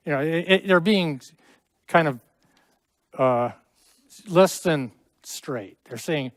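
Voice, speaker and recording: A man's voice: a little high, slow pace, pauses often, no echo. A middle-aged man teaching a Hebrew class in a classroom, explaining at length with friendly asides and small jokes. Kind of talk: classroom lesson.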